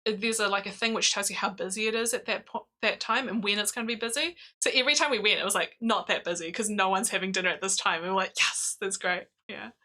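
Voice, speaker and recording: A woman's voice: medium pitch, fast, few pauses. Bubbly New Zealand woman. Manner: animated storytelling, laughs easily. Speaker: stream co-host. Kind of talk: casual chat.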